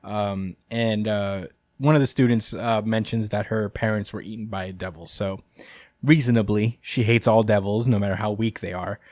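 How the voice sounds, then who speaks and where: A podcast host recaps a manga chapter in casual chat, rambling, chuckling often and peppering his talk with "uh" and "like." His voice sits on the low side, a little mellow and steady, at a normal speed. The studio-quality recording has no echo.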